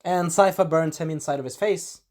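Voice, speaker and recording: A man giving a casual spoken episode recap, animated and breaking into character voices, clearing a scratchy throat. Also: moderate pace. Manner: animated, acts out characters in sudden high voices. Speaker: video reviewer.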